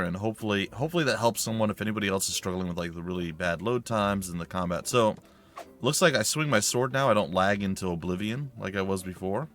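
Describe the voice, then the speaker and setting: Brief: chatty male let's player, lowish voice, faint music behind. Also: a bit bright. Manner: rambling, chatty, self-correcting. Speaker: let's play host. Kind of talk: casual gameplay commentary.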